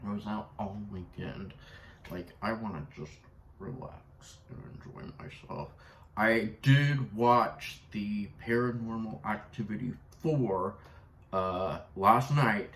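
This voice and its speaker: A man's voice: fairly low pitch, rough recording. A man vlogging in a casual, rambling storytime chat, full of fillers. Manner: rambling, chatty, with many fillers.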